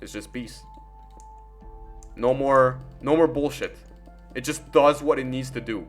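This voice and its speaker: A man's voice: medium pitch, a little slow, soft background music. A young man giving rambling, casual commentary while gaming, full of fillers and swearing.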